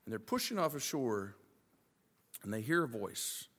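Animated preacher man in a reverberant hall. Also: mid-range voice, normal speed. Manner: acts out disciples' voices, joking asides. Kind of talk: animated sermon.

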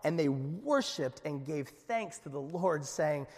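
In an echoey church sanctuary, a pastor preaches to his congregation in a fairly high voice, taking his time. He talks conversationally with asides, and his animated delivery builds to emphatic peaks.

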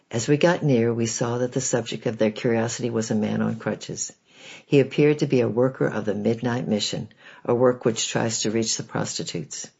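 A man reads devotional stories and Bible verses in a measured, earnest way. His voice is gravelly and a little husky. The recording sounds dull and lo-fi. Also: medium pitch, darkish tone. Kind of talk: devotional story reading.

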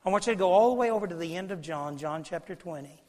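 A man preaching a sermon as pastor, emphatic and preacherly, swinging from loud declarations to low, intimate asides. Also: expressive, fast talker. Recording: long reverb of a large hall.

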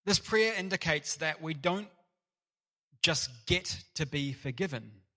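Bright-voiced, animated male preacher. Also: a little high, unhurried. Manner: earnest, animated, acts out parable voices. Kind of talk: sermon.

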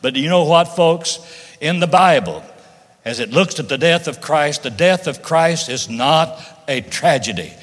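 A man's voice: on the high side, lively intonation, measured pace, fairly bright tone. A man preaching a sermon, reading scripture aloud and stressing key words with rising emphasis. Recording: long reverb of a large hall.

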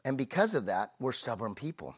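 A male pastor preaching a sermon, emphatic, slowing down on key phrases and dropping soft and low at the close of a thought. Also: sing-song, slightly rough.

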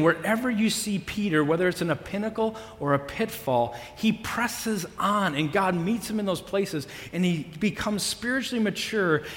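A man preaching a sermon as pastor, earnest and emphatic, with dramatic pauses in a church worship center. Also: sits high. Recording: long hall reverb.

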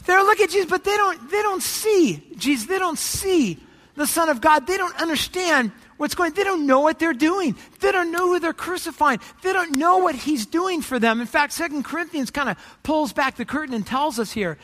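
A man's voice: very high voice, expressive, normal speed, sharp tone, in a large hall. A man preaching a sermon, telling a joke and Bible stories in a casual, conversational way with many restarts. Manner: casual storytelling, with joking asides and restarts. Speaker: pastor.

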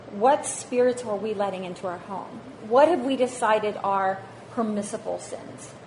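A woman's voice: medium pitch, darkish tone, a little hiss or hum. A woman in her thirties, a mother of five, giving a chatty, self-mocking talk on parenting and faith to a church group, laughing often. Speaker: speaker at a parenting session.

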